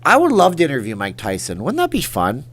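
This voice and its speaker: A man's voice: medium pitch, wildly swooping pitch, fast talker, a bit bright. A man hosting a casual late-night livestream, answering chat questions in a rambling, jokey way. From Las Vegas. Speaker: livestream host.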